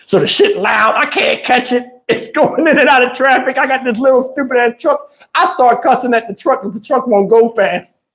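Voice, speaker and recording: A man telling a profane road story on his channel, animated and cussing, acting out everyone involved. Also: extremely high pitch, moderate pace. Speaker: channel host.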